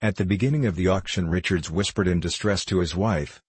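A man narrating a classic story for an audiobook in a measured, even manner. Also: low voice, breathy edge, dry recording.

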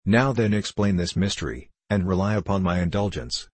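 A man's voice: deep voice, moderate pace, husky, dry recording. A man reading the part of a devout abbot, speaking with earnest, soothing persuasion. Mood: tender. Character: tender, devout older male abbot.

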